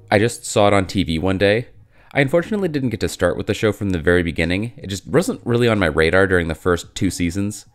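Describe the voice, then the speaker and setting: A man in his thirties hosting his own channel in a chatty, self-deprecating way, his voice roughened by illness. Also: on the low side. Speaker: YouTube channel host. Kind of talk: casual talking-head vlog.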